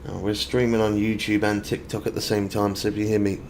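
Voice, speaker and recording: A man's voice: lowish voice, flat delivery, fairly quick, a little mellow, a little hiss or hum. A British man from the UK streaming a fishing game, chatting casually and answering viewer comments as he plays. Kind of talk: casual live-stream chat.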